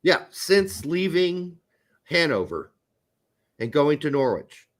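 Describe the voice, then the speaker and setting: A man's voice: a little high, very animated, moderate pace, fairly bright tone. A man co-hosting a podcast, chatting casually about sports in a blunt, profane, joking way. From United States. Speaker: podcast co-host.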